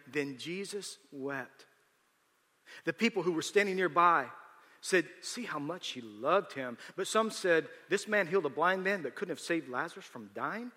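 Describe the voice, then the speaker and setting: A man's voice: fairly high pitch, fairly bright tone. A man preaching a sermon, retelling a scripture story and then building emphasis as he explains it to the congregation. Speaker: pastor. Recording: long hall reverb.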